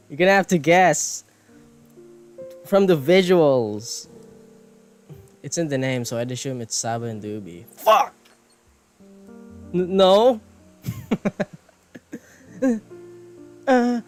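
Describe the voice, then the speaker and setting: A man streaming, chatting casually while he draws, rambling and mocking himself, swearing and laughing often. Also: sits high. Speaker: streamer and animator. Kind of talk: casual chat while drawing. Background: soft background music.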